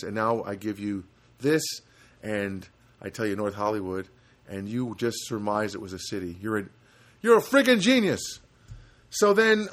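A man's voice: lowish voice, fairly bright tone. A man delivering a sarcastic, rambling comedic rant with many restarts.

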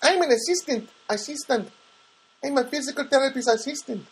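A man voicing a female therapy assistant in a deliberately bad mock Filipino accent, repeating herself insistently. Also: extremely high pitch, animated, pitched above the performer's own voice.

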